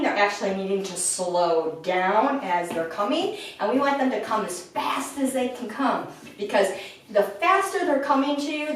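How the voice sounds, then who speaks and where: Woman dog trainer explaining in an echoey room. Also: slight background noise. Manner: switches to very high sing-song praise for the dog. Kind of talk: instructional talk to camera. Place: indoors in a house. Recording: echoey room, mic at a distance.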